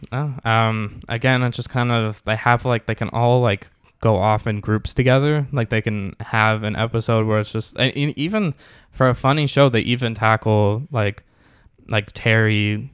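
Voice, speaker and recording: A man's voice: fairly low pitch, normal speed, clear, resonant tone, no room sound, clean studio sound. A young man chatting casually as a podcast co-host, retelling scenes with acted-out quotes. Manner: animated storytelling, acts out quotes. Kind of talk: casual chat.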